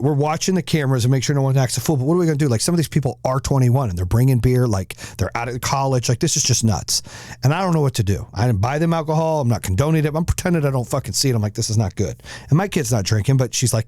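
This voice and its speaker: Brief: middle-aged male host, mellow tone, dry close sound, profane animated storyteller. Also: medium pitch, fast, no room sound. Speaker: podcast host. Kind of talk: casual storytelling chat.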